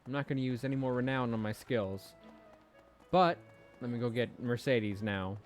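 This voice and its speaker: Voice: medium pitch, normal speed. A streamer giving offhand, sarcastic commentary while playing a game. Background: game music.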